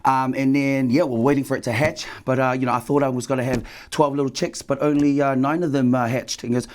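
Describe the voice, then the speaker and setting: A man telling a joke in casual chat, halting often with fillers along the way. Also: mid-range voice, steady tone, darkish tone, a little hiss or hum. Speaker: player.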